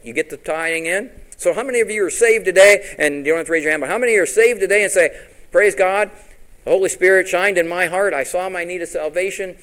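A middle-aged man preaching a sermon as pastor, lively and throwing rhetorical questions at his congregation. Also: a little high, rough recording.

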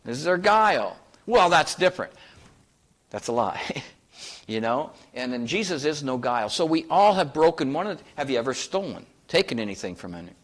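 A man's voice: a little high, fairly bright tone. A man preaching a sermon in a folksy, conversational way, asking the congregation questions and joking with them. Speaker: pastor.

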